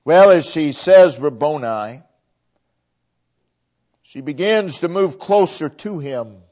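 A man preaching a sermon, dramatic and repetitive, swinging between loud emphasis and hushed near-whispers. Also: high-pitched, measured pace. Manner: repeats phrases for emphasis. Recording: dull lo-fi recording.

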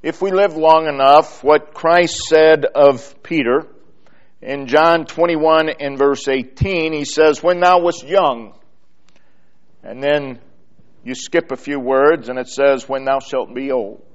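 Slow, deliberate preacher man, lo-fi. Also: a little high, steady tone. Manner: slow, deliberate delivery with emphatic pauses, reading scripture aloud. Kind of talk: sermon. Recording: dull lo-fi sermon recording.

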